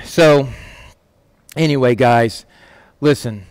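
A man's voice: medium pitch, slow, a little mellow, clear, resonant tone, dry recording, clean studio sound. A man teaching on a Bible passage in a conversational way, asking rhetorical questions and acting out quoted voices. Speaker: preacher.

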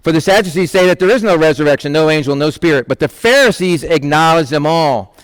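A man's voice: on the high side, expressive, fast, no room sound. A male pastor preaching an informal sermon, acting out Bible characters in casual modern speech. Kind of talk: conversational sermon.

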